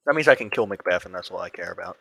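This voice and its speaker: A man's voice: sits low, animated, rapid-fire, vocal fry, fairly bright tone, breathy edge, dry recording. A man with an Australian accent co-hosting a podcast in casual chat, laughing often and swearing casually. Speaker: podcast co-host.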